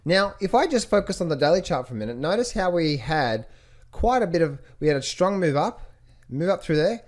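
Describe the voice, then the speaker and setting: Man teaching chart trading, somewhat high voice. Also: big pitch swings, brisk. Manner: repetitive, rhetorical questions to the viewer. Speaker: trading educator. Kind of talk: screen-share chart tutorial.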